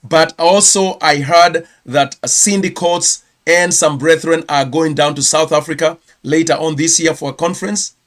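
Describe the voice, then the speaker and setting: A man from Kenya with a Kenyan accent, hosting a casual ministry news roundup, chatty and quick to correct himself. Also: on the high side, steady tone, a bit bright. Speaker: ministry host.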